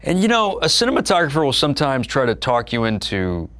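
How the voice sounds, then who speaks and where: A middle-aged actor telling stories in an interview, animated and profane, laughing often and sometimes dropping to a soft, low musing tone. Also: male voice, quick pace. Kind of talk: candid conversational storytelling.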